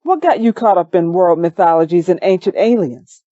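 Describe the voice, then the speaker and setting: A woman's voice: on the low side, lively intonation, normal speed, mellow, no room sound, lightly acted. A woman voicing an upbeat male radio talk show host with a breezy announcer delivery, on a slightly dull recording.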